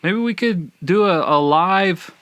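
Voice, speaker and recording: A man's voice: sits high, expressive, measured pace, a bit bright, no echo. A man co-hosting a casual podcast chat, joking and rambling with restarts. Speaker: podcast co-host.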